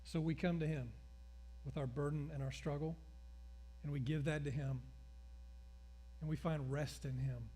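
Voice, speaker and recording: A middle-aged male pastor preaching a sermon, telling stories with acted-out dialogue in an animated way. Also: fairly high pitch, moderate pace, pauses often.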